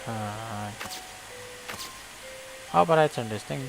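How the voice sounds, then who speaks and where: A man's voice: fairly low pitch, takes it slowly, creaky, rough recording. A man from Indonesia with an Indonesian accent, streaming a video game and reading its dialogue aloud, casual and chuckling. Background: game music.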